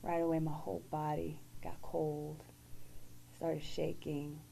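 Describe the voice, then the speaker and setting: A woman guest giving an earnest, halting personal testimony. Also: deep voice, level tone, vocal fry, warm tone, slight background noise, rough recording.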